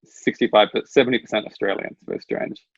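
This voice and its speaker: Fast-talking man with a husky voice. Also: lowish voice, fairly even intonation, no room sound, muffled recording. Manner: rambling storyteller, laughs at his own anecdote. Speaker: guest. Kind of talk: casual chat.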